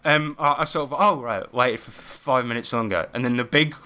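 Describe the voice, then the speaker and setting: A man's voice: mid-range voice, fairly quick, sharp tone. A man co-hosting a casual podcast about running tabletop games, telling stories with lots of laughs, swearing and restarts. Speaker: podcast co-host and game master.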